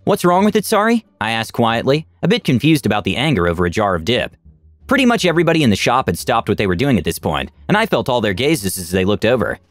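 Man reading online stories, animated. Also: fairly low pitch, fast, dry recording, soft background music. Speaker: story narrator. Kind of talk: scripted narration of online stories.

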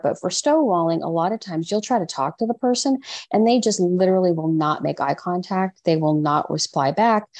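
A woman's voice: fairly low pitch, mellow. A woman therapist being interviewed on a podcast, explaining earnestly and acting out quoted voices. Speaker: therapist guest. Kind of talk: conversational interview.

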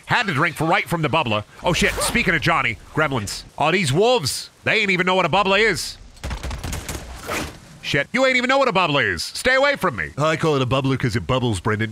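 A young man streaming a video game, ranting and joking with lots of swearing. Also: a little high. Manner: profane, jokey rants, swings into loud silly bits. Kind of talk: casual gameplay commentary.

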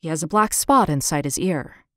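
A woman's voice: sits low, lively intonation, moderate pace, fairly bright tone, no room sound, clean studio sound, voice pushed down. A woman voicing a polite, embarrassed middle-aged man who breeds dogs, in a storybook reading. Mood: uneasy. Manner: respectful, apologetic, plain-spoken.

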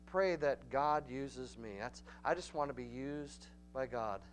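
A man with a Texan accent preaching a Bible study in a church, folksy and emphatic, building to loud, urgent peaks. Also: mid-range voice, a little slow, a little hiss or hum. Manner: folksy, emphatic, rising to near-shouting peaks. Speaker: pastor. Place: church sanctuary.

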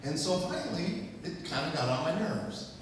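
A man's voice: fairly high pitch, lively intonation, normal speed, slight background noise. Humorous man preaching in an echoing hall. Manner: humorous, self-mocking storytelling. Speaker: guest speaker. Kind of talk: sermon storytelling. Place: church sanctuary. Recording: echoey hall, distant mic.

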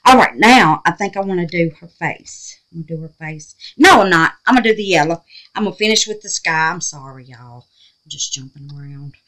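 A woman's voice: fairly low pitch, animated, brisk, a bit bright, rough recording. A middle-aged woman, hosting a resin craft tutorial and chatting to herself and her viewers as she works. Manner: chatty, talks to herself and viewers while working. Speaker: resin craft channel host. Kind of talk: casual crafting tutorial talk.

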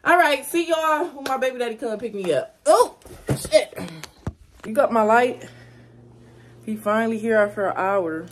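A woman's voice: a little high, animated, moderate pace, long pauses, a little hiss or hum. A young woman, chatting casually to viewers in her vlog from home, talking straight to the camera. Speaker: vlogger. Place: at home, indoors. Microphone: camera on a stand.

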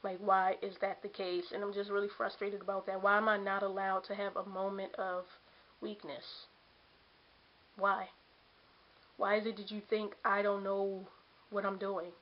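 A woman's voice: mid-range voice, monotone, moderate pace. A woman in her late twenties venting on a vlog, exasperated, repeating herself and mimicking the people who nag her. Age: late 20s. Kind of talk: ranting vlog to camera. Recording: dull lo-fi camera audio.

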